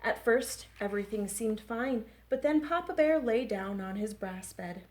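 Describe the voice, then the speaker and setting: Woman librarian hosting story time, gentle and expressive, medium pitch. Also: a little slow. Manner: gentle, expressive, engaging kids. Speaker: children's librarian. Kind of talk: children's story time reading.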